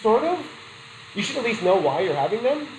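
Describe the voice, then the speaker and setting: A man's voice: sits high, big pitch swings, brisk, darkish tone, slight background noise, low-quality recording. A middle-aged man teaching a psychology class in a chatty way, asking the students questions and telling personal stories. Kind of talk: classroom lecture.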